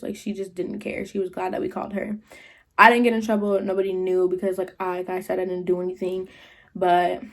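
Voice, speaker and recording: A young woman vlogger retelling a party story in casual slangy talk, full of "like", with animated jumps into quoted voices. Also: medium pitch. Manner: slangy, filler-heavy, 'like' often.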